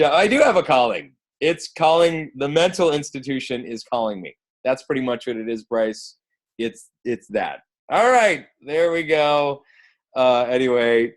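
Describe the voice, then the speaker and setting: A man hosting a team coaching call, playful and geeky, joking around with many fillers. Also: medium pitch. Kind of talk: casual chat.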